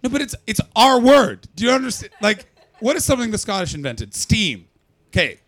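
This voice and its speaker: Profane, mocking comic. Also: male voice, high voice, sing-song, brisk. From Canada. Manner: profane, mocking, loud bursts. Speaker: stand-up comedian. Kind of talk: crowd work stand-up.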